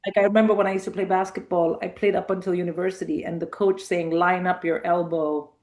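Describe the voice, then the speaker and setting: Middle-aged woman telling lively anecdotes. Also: on the low side, quick pace. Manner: lively anecdotal storytelling, acts out quoted dialogue. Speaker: comedian guest. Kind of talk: casual interview chat.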